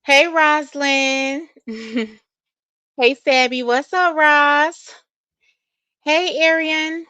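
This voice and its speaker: A woman runs a casual livestream. She is a little out of breath, chatty and quick to laugh, and greets viewers one by one. Her voice sits a bit high and sounds close and dry. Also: sharp tone, no echo. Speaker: livestream host.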